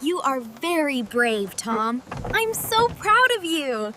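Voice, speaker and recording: A woman's voice: sits high, very animated, takes it slowly, noisy background, heavily acted. A woman as a soothing storybook mother. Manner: soft, soothing and reassuring. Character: gentle loving mother comforting her scared son. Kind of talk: storybook acting. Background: music.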